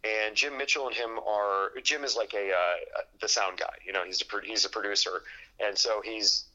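A man's voice: fairly low pitch, fairly even intonation, moderate pace, sharp tone, dull audio. A man telling a long story in casual chat, rambling with fillers and restarts and acting out what people said. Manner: rambling, full of fillers and restarts, acts out quoted dialogue.

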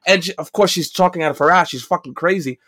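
A man's voice: a little high, fast talker, fairly bright tone. A man with a heavy New York accent, chatting casually and telling stories with defensive, laughing asides. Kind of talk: casual chat.

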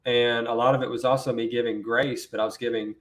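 A man who co-hosts a podcast, chatting casually and giving earnest, measured advice. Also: mid-range voice, level tone. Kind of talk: casual chat.

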